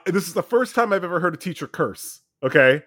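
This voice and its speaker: A man telling a story among friends in casual chat, animated, laughing often and swearing freely. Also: high-pitched, fast talker, dry recording, studio quality.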